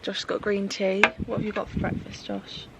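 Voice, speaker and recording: A woman's voice: mid-range voice, monotone, moderate pace, very noisy. A woman in her twenties chatting and teasing through a casual holiday vlog. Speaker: vlogger. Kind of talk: casual travel vlog chat. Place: hotel terrace and restaurant on holiday. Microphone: handheld compact camera mic.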